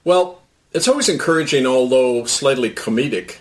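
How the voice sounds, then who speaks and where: A man reads his own commentary column aloud with a dry, sardonic edge, moving between wry jokes and storytelling. His voice is mid-pitched and sounds set back from the microphone. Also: expressive, moderate pace, recorded from a distance. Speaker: commentator and host.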